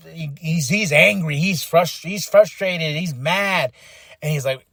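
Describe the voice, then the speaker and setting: A fairly high-voiced man hosts a podcast recap, talking fast and animated and acting out what people said. He now and then breaks into excited shouts. The sound is close and dry. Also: dry recording. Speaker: podcast host reviewing wrestling.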